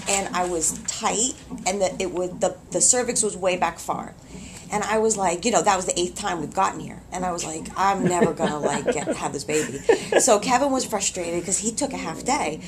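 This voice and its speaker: A woman in labor in a hospital room tells her story in casual, animated, exclamatory speech with frequent laughs, recorded on a handheld camcorder's built-in mic. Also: mid-range voice, noisy background. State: having contractions.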